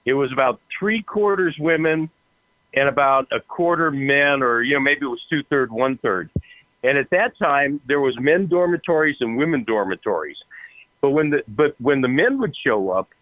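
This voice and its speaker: A man's voice: mid-range voice, lively intonation, moderate pace, no echo. A man telling stories in a casual way, laughing and acting out the other voices. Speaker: guest. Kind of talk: casual storytelling. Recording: tinny phone line, dry.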